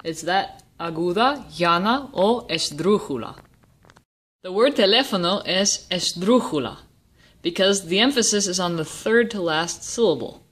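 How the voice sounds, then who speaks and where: A woman explaining a language lesson, slowing down to pronounce example words with care. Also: on the low side, lively intonation, breathy edge. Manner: slow, deliberate pronunciation of example words. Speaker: Spanish teacher.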